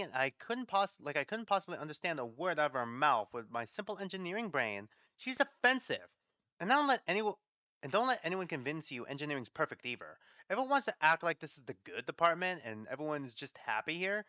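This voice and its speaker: A man's voice: on the high side, bright, forceful tone, no room sound. A man voicing a frustrated, bitter foreign engineer who vents in heated, clipped bursts, on dull lo-fi audio.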